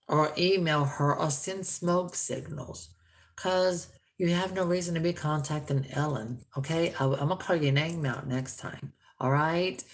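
A woman reviewing a doll in a chatty, rambling vlog, turning sharp when she scolds someone. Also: lowish voice, slight background noise.

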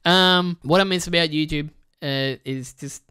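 A man talks in a loose, profane, rambling rant, often starting a sentence over before finishing it. His voice is bright and sharp-edged, with a crisp, smooth clarity. It sounds close and dry, with no room echo. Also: a little high, measured pace. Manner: rambling and profane, with frequent restarts; mocks others with put-on quoted voices. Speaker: gaming channel host. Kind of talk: casual rant to camera.

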